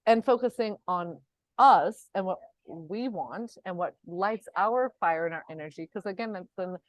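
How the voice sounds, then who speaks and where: A woman's voice: lowish voice, a little slow, no echo, rough recording. A woman hosting an interview, chatty and reflective, now and then swearing casually as she talks. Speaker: interview host and coach.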